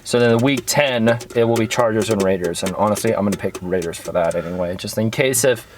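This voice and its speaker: A man's voice: lowish voice, fast, crowd noise. A man co-hosting a podcast, chatting casually about football picks and reading out the matchups. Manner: relaxed, reads out matchups and makes picks. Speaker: podcast co-host. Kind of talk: casual sports chat.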